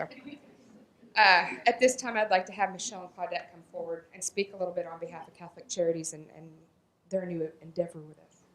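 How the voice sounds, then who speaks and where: A woman hosting a graduation ceremony, introducing the next speakers in a relaxed way. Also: fairly low pitch. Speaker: ceremony host.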